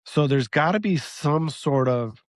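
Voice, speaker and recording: A man with a slightly high, expressive voice speaks at a measured pace, no echo around him. He's co-hosting a podcast and, though losing his voice, thinks aloud while setting out a policy plan step by step in a casual debate.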